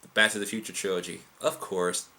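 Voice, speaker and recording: A young man with a fairly low, fairly even-toned, sharp voice answers viewer questions at a fairly quick pace. His casual chat is rambling, profane and loose, with restarts.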